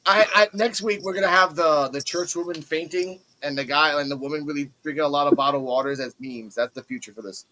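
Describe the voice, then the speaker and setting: A man hosting a casual wrestling review podcast, talking in an animated way and acting out the wrestlers' lines. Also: fairly high pitch, a little fast, hardly any pauses, a little hiss or hum, rough recording. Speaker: podcast host.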